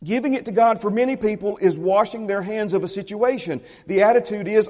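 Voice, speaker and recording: Man, pastor, high voice, emphatic sermon, repeats phrases, long church-hall reverb. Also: lively intonation, fairly quick, few pauses. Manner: emphatic preaching, repeats phrases, drops to a hush.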